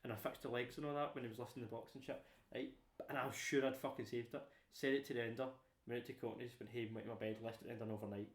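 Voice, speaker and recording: A young man co-hosting a podcast, telling stories in casual chat with lots of swearing and animated energy. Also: mid-range voice, rapid-fire, few pauses, reverberant. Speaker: podcast co-host.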